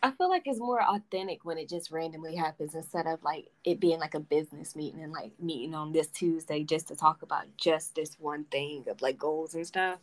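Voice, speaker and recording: A woman with a slightly low voice hosts a casual interview. She asks curious, loosely phrased questions and fills her speech with casual fillers. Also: a little fast, hardly any pauses, poor audio. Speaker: podcast host.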